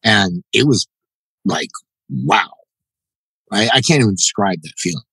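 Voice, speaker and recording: A man being interviewed on a podcast, telling stories in a halting, reflective way. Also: on the low side, expressive, vocal fry, bright, forceful tone, breathy edge, dry recording, poor audio. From United States. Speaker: podcast guest, jiu-jitsu black belt. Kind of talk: casual interview, storytelling.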